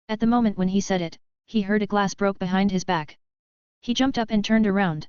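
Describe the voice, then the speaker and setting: A woman narrating a story in an even, steady reading voice. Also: medium pitch, fairly quick, smooth, dry recording, muffled recording. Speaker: audiobook narrator. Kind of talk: scripted narration.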